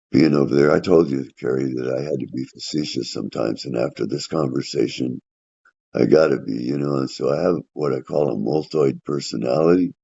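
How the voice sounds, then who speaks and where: An older man, a veteran, telling his story in a plainspoken, rambling way with dark humor, in a dull lo-fi recording. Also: extremely low pitch, gravelly, husky. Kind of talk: casual storytelling.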